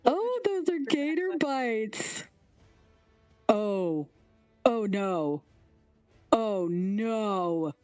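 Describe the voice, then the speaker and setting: A woman voicing a fussy, flamboyant male king with a high, theatrical, fluttery voice. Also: very animated, drawn-out words, long pauses, a little mellow, clean tone, dry recording, soft background music. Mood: flustered apologetic.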